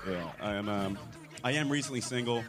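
A man's voice: medium pitch, brisk, music in the background. A young man with a Philadelphia accent doing a laid-back stand-up set, mumbling and tagging lines with "you know what I'm saying". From Philadelphia area. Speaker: stand-up comedian. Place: comedy club stage.

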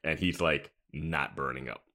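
A man's voice: rumbling low, moderate pace, sharp tone. A man co-hosting a podcast in casual chat, easygoing and laughing often. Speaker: podcast co-host.

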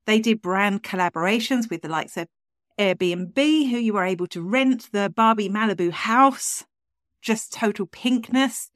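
A woman's voice: medium pitch, unhurried, a bit bright, no echo. Woman, podcast co-host, chatty and upbeat, laughs mid-sentence, dry close sound. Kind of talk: casual chat.

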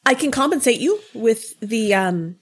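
A woman playing a tabletop role-playing game, speaking in a formal, measured way as her character. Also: on the high side, lively intonation, slightly rough. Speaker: tabletop player.

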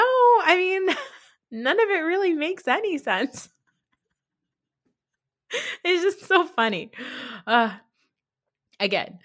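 Brief: female podcast host, casual sarcastic recap, mid pitch. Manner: chatty, sarcastic, animated quoting of cast.

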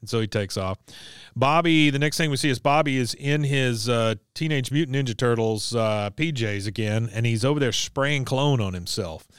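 Smooth-voiced man recapping an episode. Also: medium pitch, normal speed, no echo, studio quality. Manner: rambling, many fillers. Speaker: podcast host.

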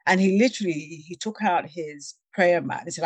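A woman telling a personal travel story in a conversation, lively and laughing, acting out the voices of the people she quotes. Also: fairly low pitch, a little fast, slightly rough, dry recording. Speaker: guest.

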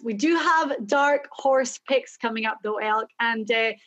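A woman's voice: on the high side, unhurried, a bit bright. A woman hosting a casual golf betting chat, upbeat as she reads out stats and runs the segment. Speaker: golf show host.

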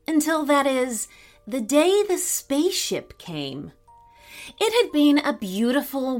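A woman hosting a children's story podcast, reading with warm, expressive narration. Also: sits high.

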